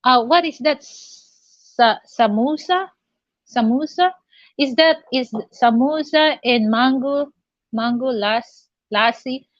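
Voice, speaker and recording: Slow-talking Filipino woman livestreamer. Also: sits high, dry recording, highs cut off. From Philippines. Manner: halting, many fillers and restarts. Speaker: livestream host. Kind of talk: casual live chat.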